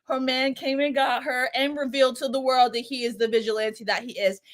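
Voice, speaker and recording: Woman riffing on a show, swears a lot, gets loud and animated, voice on the higher side. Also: a little fast. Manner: excitable, profane, animated storytelling. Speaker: podcast co-host. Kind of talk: casual chat.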